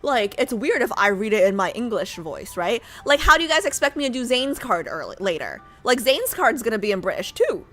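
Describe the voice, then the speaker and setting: A woman livestreamer chatting excitedly with her chat and reading game text aloud in a casual, chatty way. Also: fairly high pitch, a little fast, few pauses, soft background music.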